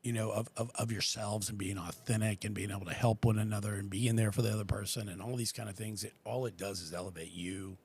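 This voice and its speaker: A man's voice: lowish voice, quick pace, hardly any pauses, breathy edge. A man who works at a car dealership, chatting casually on a podcast and telling stories with acted-out quotes. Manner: animated storyteller who acts out quotes.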